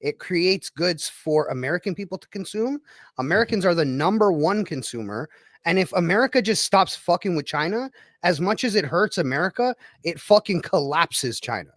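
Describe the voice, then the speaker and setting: Male co-host, high voice that leaps around, brash and profane. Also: normal speed, no room sound, clean studio sound. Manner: animated, profane, calls others bro. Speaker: podcast co-host. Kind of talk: casual podcast chat.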